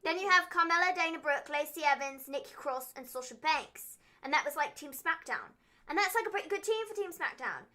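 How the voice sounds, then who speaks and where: A woman's voice: high voice, animated, fairly quick, bright, forceful tone. A young woman hosting a wrestling recap livestream, chatting casually and teasingly, with frequent "um" and "like".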